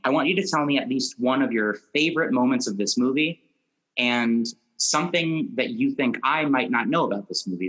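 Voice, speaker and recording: A man's voice: mid-range voice, fairly bright tone, rough recording. A man hosting a casual movie podcast, asking long rambling questions and laughing often. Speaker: podcast host.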